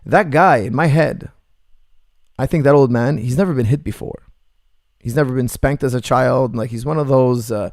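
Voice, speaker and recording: Gravelly, blunt coach answering chat. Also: male voice, mid-range voice, moderate pace, a little mellow, no echo, clean studio sound. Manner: blunt, joking, laughs often. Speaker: martial arts coach hosting a Q&A. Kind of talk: casual livestream Q&A, reading chat messages.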